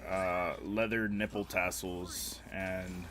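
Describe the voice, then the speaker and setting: A man's voice: sits low, flat delivery, slow, noisy background. A young man live-streaming a game, chatting casually with viewers in a crude, joking, rambling way. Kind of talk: casual gaming stream chat.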